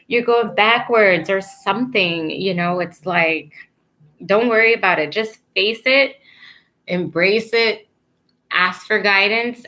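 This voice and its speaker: A woman's voice: lowish voice, a bit bright, slight background noise. Rambling woman giving a card reading. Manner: rambling, loses her thread, lots of fillers; encouraging, earnest. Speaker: tarot card reader. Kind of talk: casual spiritual guidance reading.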